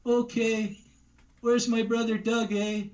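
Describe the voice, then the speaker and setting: A man's voice: very high-pitched, flat delivery, takes it slowly, a little mellow, voice pushed up. A man doing an impression of a nerdy, fussy male film accountant who talks in a nasal way, on a dull, lo-fi recording. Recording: dull lo-fi sound.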